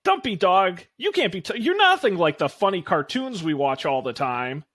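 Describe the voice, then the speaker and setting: A thirteen-year-old girl in an improvised podcast story, speaking in a squeaky, strained falsetto, as a man puts her on. She whines and talks bluntly. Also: sing-song, normal speed, fairly bright tone, exaggerated voice. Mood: whiny.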